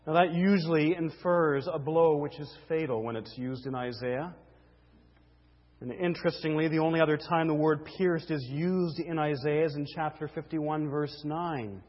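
A man preaching a sermon, emphatic and repeating key words, asking rhetorical questions, swinging between booming and hushed. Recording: lo-fi with long hall reverb.

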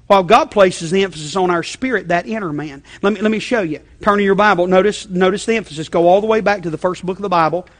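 A male pastor preaching a sermon in a conversational way, checking in with the congregation and shifting between loud emphasis and quiet asides. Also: high voice, fast talker, few pauses. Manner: conversational, repeating check-ins, frequent restarts.

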